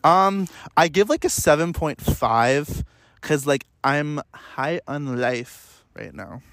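A man's voice: on the high side, slow, a bit bright, no room sound. A young man hosting a casual podcast, joking and blunt, swearing now and then as he answers questions. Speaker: podcast host.

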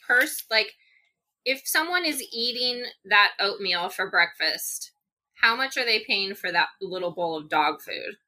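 A woman's voice: mid-range voice, animated, measured pace, bright, forceful tone. A woman co-hosting a podcast, blunt and curious, swearing freely in casual food-tasting chat. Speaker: podcast co-host. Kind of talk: casual chat while taste-testing food.

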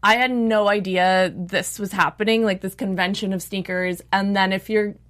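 Female panelist, middle pitch, loose and hedging, lots of "like"s, casual podcast talk. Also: fairly even intonation, normal speed, fairly bright tone. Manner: chatty, hedging with many "like"s.

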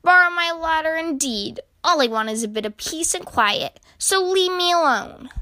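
A woman's voice: a little high, animated, a little slow, no echo, clean studio sound, heavily acted. A woman voicing a grumpy male badger who huffs and scolds, in a storybook reading. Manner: huffy, shouting, scolding.

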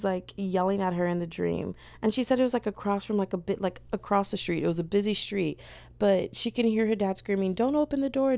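A woman's voice: mid-range voice, creaky, warm tone, no room sound. A young woman chatting casually on her channel, retelling a story in a rambling way, full of fillers and quoted voices. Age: young adult. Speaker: book vlogger.

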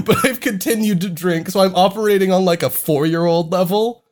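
A man's voice: sits high, darkish tone. A man co-hosting a podcast, telling a story in casual chat, laughing often and swearing freely. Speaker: podcast co-host.

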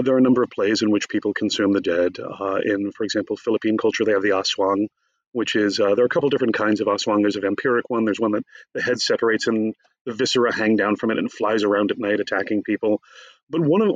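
A man's voice: lowish voice, dry recording. Male academic guest, wry and talkative, close dry mic, a bit dull and lo-fi. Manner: chatty, wry, animated storyteller. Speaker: theater professor and author. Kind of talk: conversational interview.

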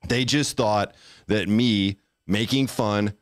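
A man's voice: lowish voice, slow pace, no room sound, studio quality. Laid-back joking young man host. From Texas. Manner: laid-back, joking, says dude and bro. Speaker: podcast host. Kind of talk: casual livestream chat.

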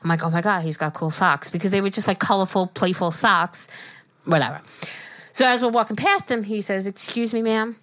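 A middle-aged woman co-hosting a casual podcast, telling a story in an animated, emotional way. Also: medium pitch, fairly quick. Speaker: podcast co-host.

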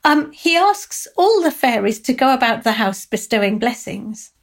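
A woman professor giving a thoughtful close-reading, pausing with frequent ums and uhs and quoting lines aloud. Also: a little high, very animated. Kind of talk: lecture close-reading of a text.

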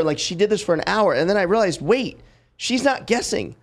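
A middle-aged man hosting a podcast, telling a long story in a lively, casual way and acting out the people in it. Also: fairly high pitch, quick pace. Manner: lively storyteller, acts out quotes, swears freely. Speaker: podcast host.

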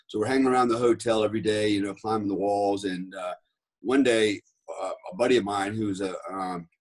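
Man, middle-aged, from the US, husky, podcast guest, casual rambling storytelling. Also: lowish voice. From United States. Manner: rambling, profane, lots of fillers.

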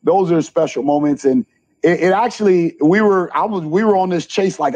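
A middle-aged man, a junior college basketball coach, telling animated stories in an interview and acting out the quotes. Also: on the high side, moderate pace. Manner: animated storyteller, acts out quotes. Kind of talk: interview storytelling.

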